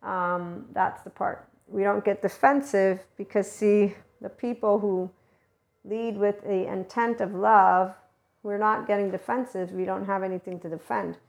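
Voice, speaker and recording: Gravelly-voiced woman giving spiritual guidance. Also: medium pitch, fairly even intonation, a little slow. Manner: rambling, conversational, laughs softly. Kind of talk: casual spiritual teaching monologue.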